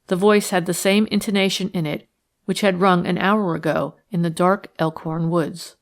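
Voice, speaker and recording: A woman narrating a classic detective novel in a measured, even storytelling manner. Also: fairly low pitch. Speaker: audiobook narrator. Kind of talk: scripted narration.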